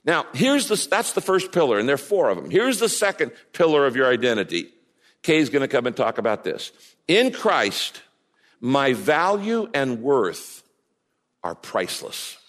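A man pastor preaching a sermon, swinging from quiet asides to loud, emphatic declarations. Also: medium pitch, very animated, normal speed.

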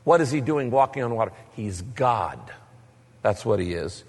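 A man's voice: medium pitch, animated, normal speed, slightly rough. A man preaching a sermon as pastor, emphatic and fond of repeated rhetorical questions. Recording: long reverb of a large hall.

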